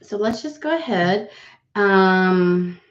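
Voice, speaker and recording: A woman chats her way through a casual tarot live stream, rambling from thought to thought and swearing without a second thought. Her voice sits at an everyday middle pitch. It comes through a home webcam with plenty of room echo and a slightly muffled, dull tone. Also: animated, takes it slowly. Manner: rambling and chatty, swears freely.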